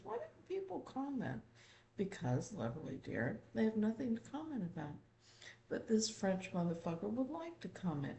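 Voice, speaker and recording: A woman with a gravelly, mellow voice channels a spirit in an apartment. She swears constantly, repeats herself, and keeps calling the listener "dear". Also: mid-range voice, poor audio. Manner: profane, repetitive, calls listener "dear". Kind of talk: channeling monologue.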